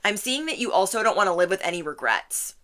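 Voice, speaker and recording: A woman in her thirties gives a channeled tarot reading in a bright, forceful voice. She is animated and playful. She acts out her listeners' inner thoughts in quick little voices and laughs often. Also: mid-range voice. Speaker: tarot reader.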